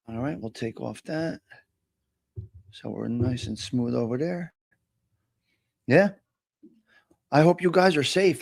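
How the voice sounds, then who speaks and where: Loud, animated New Jersey man hosting. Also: a little high, gravelly, no room sound. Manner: loud, animated, swearing, teasing. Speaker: livestream host. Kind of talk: casual chat.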